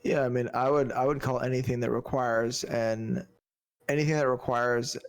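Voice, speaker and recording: Man, podcast co-host, gravelly fry, easygoing, home video call. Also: mid-range voice, moderate pace. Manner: relaxed, hedging with "I mean" and "like". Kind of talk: casual podcast chat. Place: home room with a bike on a stand behind him.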